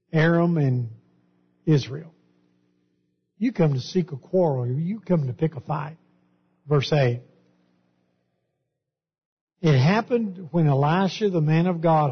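A man preaching a sermon, reading Bible verses and explaining them in an emphatic, deliberate way. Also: on the high side, breathy edge. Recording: dull, echoey hall.

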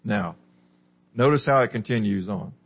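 A man's voice: lowish voice, moderate pace, slightly rough, dull audio. A man preaching a sermon as a pastor, teaching a small group with questions in a conversational way. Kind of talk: sermon, Bible study.

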